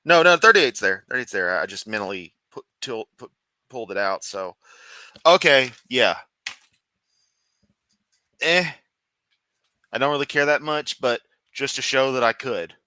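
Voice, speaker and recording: A man's voice: mid-range voice, expressive, unhurried, long pauses, pushed and bright, no echo. A man from the United States hosting a casual reaction stream from his room at home, swearing often and rambling sarcastically. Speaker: streamer host.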